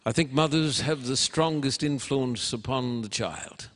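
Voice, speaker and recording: A man preaching a sermon in a deliberate, dramatic manner, with pauses between phrases. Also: medium pitch, a bit bright. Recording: long hall reverb.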